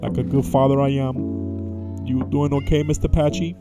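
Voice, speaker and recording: A man's voice: medium pitch, flat delivery, normal speed, over music. A young man giving casual, jokey gameplay commentary, talking to himself and to the characters in the game. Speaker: gaming YouTuber.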